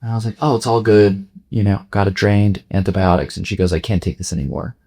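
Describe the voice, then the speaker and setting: A low, husky man in his forties tells a personal story on a podcast. He speaks frankly, swears without hesitation, and slips into quoted dialogue to play out what others said. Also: quick pace, mellow. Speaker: podcast guest. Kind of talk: candid storytelling.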